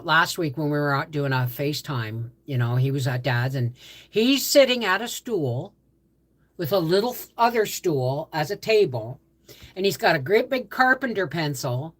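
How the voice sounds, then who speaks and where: An older woman with a notably low voice hosts a casual livestream. She rambles from story to story, often stops mid-sentence to restart, and picks up comments from viewers as they come in. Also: fairly bright tone. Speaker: livestream host.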